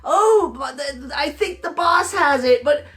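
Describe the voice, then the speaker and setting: A man's voice: very high-pitched, animated, measured pace, pushed and bright, pitched above the performer's own voice, heavily acted. A man voicing a small frightened male goblin who whimpers and pleads for mercy in a tabletop game. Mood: whimpering.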